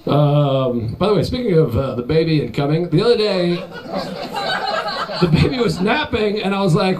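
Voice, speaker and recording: A man's voice: high-pitched, expressive, moderate pace. A man doing stand-up crowd work, rambling loosely and teasing the audience. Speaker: stand-up comedian. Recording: live show with audience laughter. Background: audience laughter.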